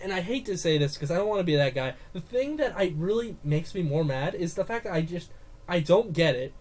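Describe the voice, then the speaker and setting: A man co-hosting a casual movie podcast, ranting in an animated way and swearing often. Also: sits high, fairly quick. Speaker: podcast co-host. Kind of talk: casual movie review chat.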